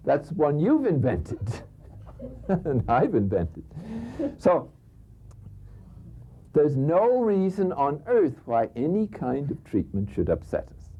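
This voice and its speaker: Older priest telling lively stories. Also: male voice, mid-range voice. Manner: lively storytelling, chuckles, drops to a hush for emphasis. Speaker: priest giving a spiritual conference. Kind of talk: spiritual talk with anecdotes. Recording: dull lo-fi recording.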